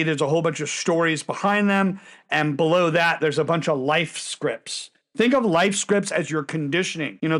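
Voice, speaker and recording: A man's voice: a little high, fairly bright tone. A man giving a motivational self-help talk, emphatic and repeating key phrases for effect.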